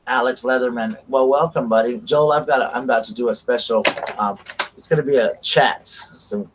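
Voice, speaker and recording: A man's voice: mid-range voice, moderate pace, slight background noise, poor audio. A man with a Southern US accent hosts a casual live stream from home, chatting and gushing as he greets viewers by name. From South Carolina, US.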